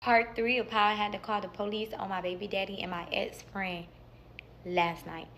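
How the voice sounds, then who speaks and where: Give me a young woman in a casual storytime vlog, animated and emotional, with a medium-pitched voice. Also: moderate pace. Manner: animated, emotional retelling with slang. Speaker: mother telling a personal story.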